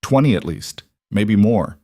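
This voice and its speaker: A man reads a dramatic fantasy story as scripted narration, steady and measured. His voice sits on the low side and the recording is close and dry, with no room echo. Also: slightly rough.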